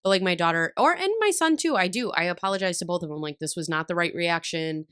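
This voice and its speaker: A woman in her thirties hosts a casual podcast chat with a slightly low voice. She talks candidly, swears freely and laughs often while telling stories. The sound is close and dry. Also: lively intonation, quick pace, fairly bright tone, clear, resonant tone, dry recording. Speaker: podcast host.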